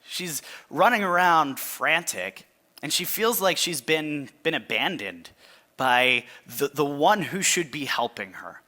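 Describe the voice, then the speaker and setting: A man delivering a sermon in a loose, chatty way, stumbling over restarts and stopping to have the congregation mark up their text. His voice is bright and forward, and it rises and falls a lot. He sits a little high for a man. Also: animated. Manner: conversational, halting restarts, asks listeners to mark the text. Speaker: pastor.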